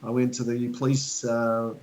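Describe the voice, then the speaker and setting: A man's voice: mid-range voice, level tone, a little slow, a little mellow, slight background noise, poor audio. An Australian man in his fifties, a talk show guest spinning long rambling anecdotes in casual chat. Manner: rambling anecdotal storyteller, chuckling.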